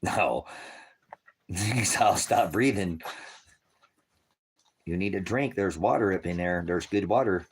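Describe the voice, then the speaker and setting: A man's voice: low voice, takes it slowly, pauses often, slight background noise. A man hosting a rambling casual livestream, joking crudely and talking baby talk to his dogs at home. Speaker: livestream host.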